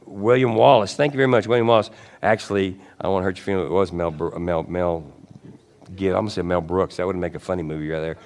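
Man preaching in loose conversational style. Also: quick pace. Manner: conversational preaching, acts out quotes with rising pitch and shouts; rambling asides and self-corrections. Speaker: pastor. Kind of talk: sermon.

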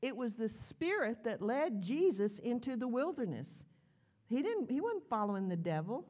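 A woman's voice: fairly high pitch, moderate pace, highs cut off. A woman preaching a sermon, telling a story and acting out the voices in it. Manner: animated, acts out voices in her stories.

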